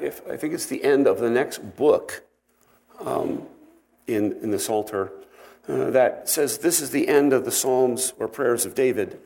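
Male Bible teacher, mid-pitched voice, reads scripture and then explains it conversationally, unhurried. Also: gravelly, a little mellow. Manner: unhurried, with fillers and self-corrections.

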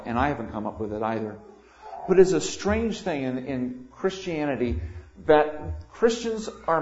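An older man preaching a sermon, swinging between loud emphatic lines and quiet asides. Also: a little high. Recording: echoey room, dull lo-fi sound.

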